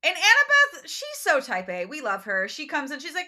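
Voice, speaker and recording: Woman co-host, bright and lively, laughs easily while recapping a book in casual chat. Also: sits high, normal speed, hardly any pauses. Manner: animated, laughing, acts out quotes. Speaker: podcast co-host.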